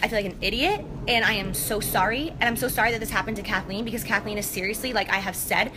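A woman's voice: medium pitch, quick pace, background noise. A woman in an apology clip, rambling and flustered, repeating herself as she talks outdoors. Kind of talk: emotional apology video.

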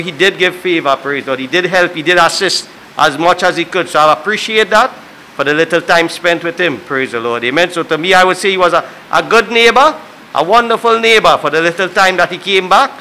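A man speaks at a funeral in a high, bright voice, with a faint hiss under it. He gives a neighbor's tribute in a fervent, churchy way, dropping praise the Lord and amen between nearly every phrase. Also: fairly quick, low-quality recording. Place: funeral service.

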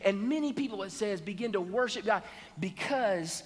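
High-voiced man preaching in a reverberant hall. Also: expressive, moderate pace. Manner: storytelling, acts out voices of Bible figures. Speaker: pastor. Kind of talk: sermon. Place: church sanctuary.

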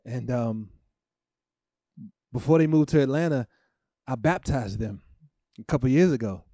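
A man preaching a sermon as pastor, emotional and emphatic, with dramatic pauses. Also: mid-range voice, animated, warm tone, no room sound, studio quality.

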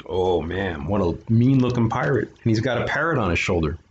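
A man's voice: on the low side, lively intonation, fairly quick, slight background noise. A man reading a children's picture book aloud as a storyteller, breaking off for chatty asides to his listeners. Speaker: storyteller for an art studio. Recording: dull lo-fi recording.

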